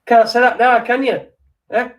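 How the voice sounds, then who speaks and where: A man's voice: very high voice, steady tone, moderate pace, a little hiss or hum. A middle-aged man, rambling in sweary, wry late-night chat as a podcast host, heard from a little way off the mic. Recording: distant from the mic.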